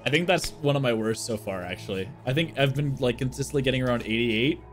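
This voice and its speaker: Speaking quickly at a medium pitch, this young man narrates his own gameplay to his chat while soft music plays underneath. He's an excitable streamer who cracks jokes and swears a lot.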